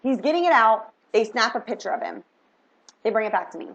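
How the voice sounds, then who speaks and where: A woman's voice: on the high side, fairly quick, gravelly. Chatty middle-aged woman telling a story. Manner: chatty, animated, full of "like" and "right?". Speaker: vlogger. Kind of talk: casual storytelling. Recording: dull lo-fi recording.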